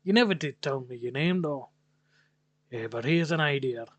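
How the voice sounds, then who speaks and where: A man's voice: medium pitch, moderate pace, no echo, lightly acted. A man reading a friendly traveling merchant's lines aloud in a put-on mix of Scottish and Irish accents.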